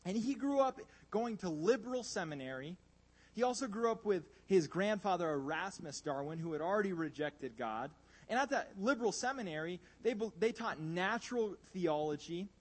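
Man, preacher, high voice, fervent sermon, loud bursts then quiet asides. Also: normal speed. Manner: animated and emphatic, swinging between loud and hushed.

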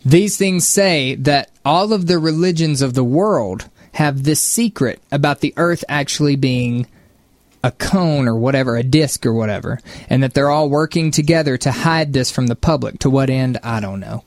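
A man's voice: medium pitch, moderate pace, no echo. A man co-hosting a casual chat show, dry and sarcastic as he explains things. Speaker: podcast co-host.

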